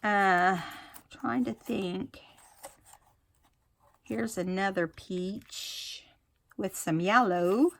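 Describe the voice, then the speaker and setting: Slow, gravelly-voiced woman crafting. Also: medium pitch, a bit bright. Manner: chatty, thinks aloud while working. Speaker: craft vlogger. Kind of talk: casual craft tutorial talk.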